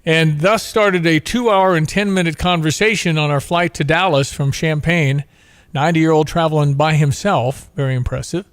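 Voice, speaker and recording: A man's voice: a little high, steady tone, normal speed, no room sound. A male talk show host with a slightly raised voice tells a story with earnest conviction. He leans on his points emphatically and turns them into moral lessons. His delivery feels like a personal talk-show monologue.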